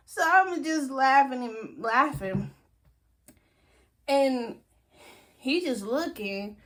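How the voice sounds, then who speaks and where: A young woman casually telling a story-time vlog, animated and laughing often, acting out her friends' lines. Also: high voice, extremely slow, pauses often. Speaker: storyteller vlogger.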